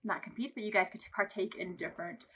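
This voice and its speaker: A young woman librarian reading a picture book aloud and leading baby rhymes, in a slow sing-song voice, counting along for babies. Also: mid-range voice, bright, forceful tone, slight background noise. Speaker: children's librarian. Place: library storytime filmed for online video.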